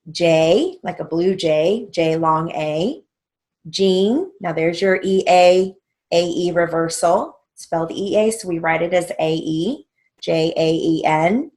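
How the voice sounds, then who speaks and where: Woman, steno teacher, unhurried dictation, spells words letter by letter, slightly low voice, keeps asking okay. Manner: slow, patient, letter-by-letter dictation with frequent "okay?" check-ins. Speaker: steno theory instructor.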